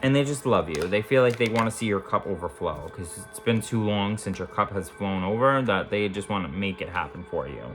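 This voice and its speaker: Low-voiced man giving a rambling tarot reading. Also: expressive, a little fast, few pauses, soft background music. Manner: rambling, repetitive, warmly affirming. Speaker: tarot reader. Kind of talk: casual tarot reading to camera.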